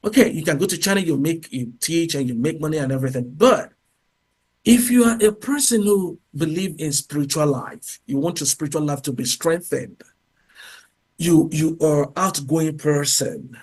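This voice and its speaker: A man's voice: a little high, normal speed, darkish tone, slightly rough. A man speaking as a guest in an interview, talking emphatically and peppering his answers with "you know" and "okay". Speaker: guest speaker, English teacher.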